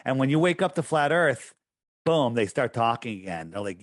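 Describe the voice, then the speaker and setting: A man's voice: medium pitch, expressive, moderate pace, dry recording. A man talking as a guest on a podcast, rambling and losing his train of thought, then pressing his points in an emphatic, preachy way. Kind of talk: casual interview talk.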